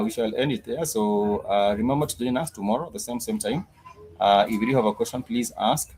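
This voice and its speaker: A man teaching a live-streamed language lesson, patient and repetitive, with many pauses and "uh" fillers. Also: fairly low pitch, darkish tone, slight background noise, rough recording. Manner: patient, repetitive, says "uh" often. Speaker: Swahili teacher.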